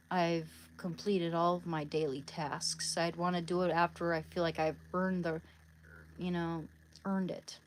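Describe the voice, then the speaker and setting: A woman with a fairly low-pitched voice hosts a casual livestream, rambling and tripping over her words as she reads chat aloud and talks about her day. She coos baby talk at her dog. There's a little hiss or hum on the audio.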